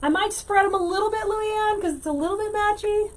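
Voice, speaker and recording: A woman hosting a casual crafting livestream, chatting warmly to viewers and greeting them by name as she works. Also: very high-pitched, fairly quick, a little hiss or hum, rough recording. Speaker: livestream host teaching wreath making.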